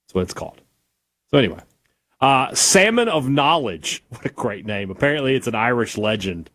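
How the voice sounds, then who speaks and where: A man's voice: medium pitch, very animated, moderate pace, fairly bright tone. A man co-hosting a sports talk radio show, chatting casually in an enthusiastic, teasing way.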